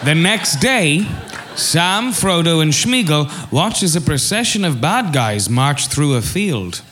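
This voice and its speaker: A man's voice: on the high side, big pitch swings, slow pace, a bit bright, a little hiss or hum. A man narrating a comedic recap in a wry, mock-dramatic manner.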